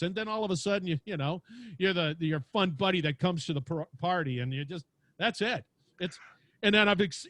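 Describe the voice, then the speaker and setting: A man with a big booming voice telling stories animatedly as a podcast guest, acting out quotes as he talks. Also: fairly bright tone, no echo. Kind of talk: lively storytelling interview. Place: home studio with lights.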